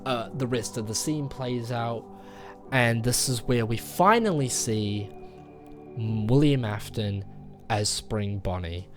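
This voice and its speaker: Man, mid-pitched, casual vlog reviewer; loose rambling delivery with fillers, acts out quotes; faint music bed. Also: slow pace. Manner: rambling retelling with many fillers, acting out quoted lines. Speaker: movie reviewer. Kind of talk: casual spoken movie review.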